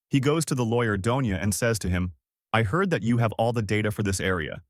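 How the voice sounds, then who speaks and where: A man's voice: lowish voice, brisk, no room sound, studio quality. A man narrating a film summary, retelling the characters' lines in his own voice. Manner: flat storytelling, quoting characters in his own voice. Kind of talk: movie recap narration.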